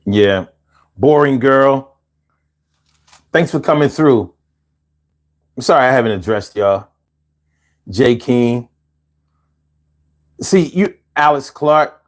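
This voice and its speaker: A man's voice: mid-range voice, expressive, takes it slowly, long pauses. A man hosting a live stream, ranting casually and with lots of swearing while he talks straight to the viewers in chat. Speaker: livestream host.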